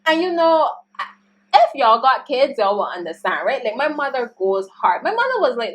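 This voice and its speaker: A young woman telling a storytime vlog story, animated and slangy as she vents. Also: high voice, normal speed. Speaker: YouTuber.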